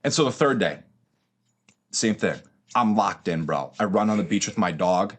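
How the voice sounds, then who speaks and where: A young man in his twenties with a low voice tells his story as a podcast guest. He talks in loose slang, swears freely and keeps saying bro. It is casual, run-on storytelling. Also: lively intonation, normal speed. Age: 20s. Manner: slangy and profane, says bro a lot.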